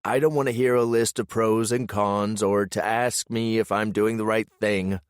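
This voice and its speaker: Resolute adult man, low and steady, voiced by the narrator. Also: moderate pace, smooth, dry recording, studio quality, natural voice. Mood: firm. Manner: firm, earnest. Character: determined grown man, protective older brother figure.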